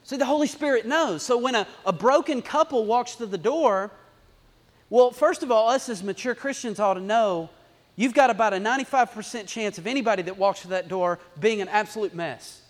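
Guy preaching in church, real high voice, repeats stuff and gets loud, big echoey hall. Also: a little fast. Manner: animated, repetitive, builds to emphatic bursts. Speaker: pastor. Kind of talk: sermon. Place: church sanctuary. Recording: long hall reverb.

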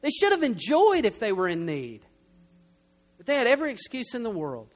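Guy with a really high voice, pastor giving a chatty funny sermon. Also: a little fast. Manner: animated storytelling with humor. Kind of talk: conversational sermon.

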